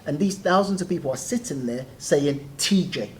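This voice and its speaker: A guest telling stories in a casual interview, animated and quick to laugh. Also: medium pitch, crowd noise. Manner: animated, laughing, acts out quoted voices. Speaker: guest, property deal trainer.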